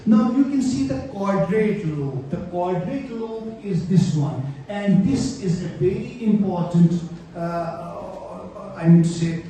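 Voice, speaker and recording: A man's voice: high voice, slow pace, mellow. A man teaching an exam-prep anatomy lecture, explaining step by step and checking in often with rhetorical questions. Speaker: medical lecturer. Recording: very echoey room, distant mic, faint noise.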